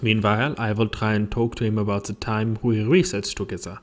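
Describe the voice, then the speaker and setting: A man's voice: lowish voice, flat delivery, brisk, close to an everyday voice. A man voicing an earnest, formal male doctor who speaks politely and sometimes stumbles over his words.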